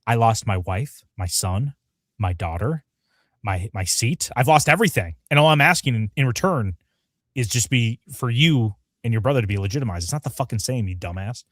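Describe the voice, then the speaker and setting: A man talks through a show review with a co-host, profane and quick to act out characters in asides. His voice sits in a mid register. The sound is dry and close, with no room around it. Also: medium pitch, lively intonation, fairly bright tone, no room sound. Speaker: podcast co-host. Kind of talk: casual chat. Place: home room near a street.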